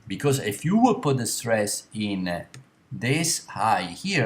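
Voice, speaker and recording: A man teaching a language class, explaining slowly with many pauses and self-corrections. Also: fairly low pitch, sing-song. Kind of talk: classroom lecture.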